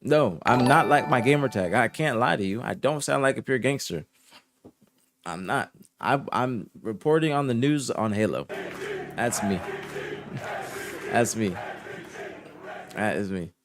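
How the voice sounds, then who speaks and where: A soft-spoken young man chatting casually on a live stream, answering his chat in a laid-back way, dropping to low murmurs and rising to higher protests, often repeating himself. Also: animated, unhurried, pauses often, a crowd in the background, background noise. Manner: drifts between low murmurs and higher indignant outbursts. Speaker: streamer reporting esports news.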